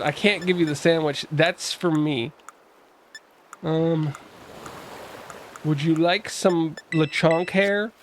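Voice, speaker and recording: A man's voice: on the high side, slight background noise. A man streaming a video game, talking to his chat in a rambling, joking way with casual asides. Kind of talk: casual live-stream commentary.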